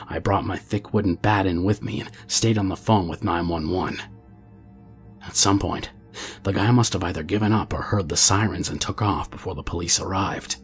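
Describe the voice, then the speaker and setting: A man reading a true scary story aloud as the channel's narrator, in a steady, low-key way.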